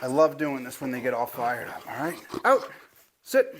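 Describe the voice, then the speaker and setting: A man teaching a puppy commands on video, talking straight to viewers in a casual, chatty way. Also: fairly even intonation. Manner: talks to the viewer and praises the puppy in a high, drawn-out voice. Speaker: dog trainer. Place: training a puppy, moving around.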